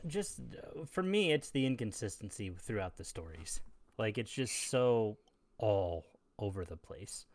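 A man's voice: lowish voice, lively intonation, measured pace. A man co-hosting a casual podcast, mostly agreeing in short replies and giving opinions with hesitant restarts. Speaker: podcast co-host. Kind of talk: casual chat.

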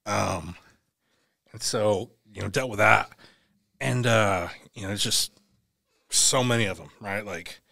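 A man's voice: on the low side, slow pace, vocal fry, long pauses, bright, forceful tone, no room sound, clean studio sound. A man, a podcast guest, telling a vivid, profane story and acting out the voices in it. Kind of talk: animated storytelling.

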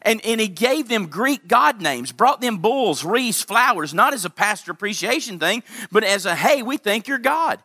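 A man's voice: sits high, animated, moderate pace, hardly any pauses, pushed and bright, no echo, clean studio sound. A man preaching a sermon as pastor, talking straight to his congregation and punching his key lines. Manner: direct, speaks to the congregation.

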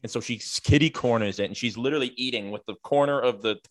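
A man's voice: medium pitch, fast, a bit bright, no room sound. A man who works as a teacher, telling a casual story with lots of fillers and the odd swear word. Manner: rambling, filler-heavy, profane.

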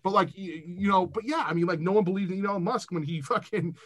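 A man's voice: high-pitched, quick pace. A young man from Massachusetts, a music producer guest, talking casually and profanely in a podcast chat. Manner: animated, profane, rambling.

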